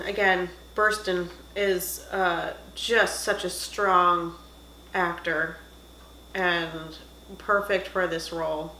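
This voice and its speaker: Woman movie reviewer, animated and jokey, mid pitch, recorded in a roomy space. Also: slow pace, background noise. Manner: animated, jokey, squeamish asides. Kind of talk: casual reaction commentary.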